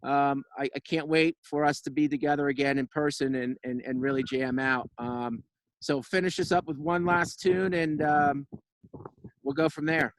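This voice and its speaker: A man hosting a radio show, chatting loosely and firing off quick questions. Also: fairly high pitch, steady tone, no room sound. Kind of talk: casual chat. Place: backyard, outdoors.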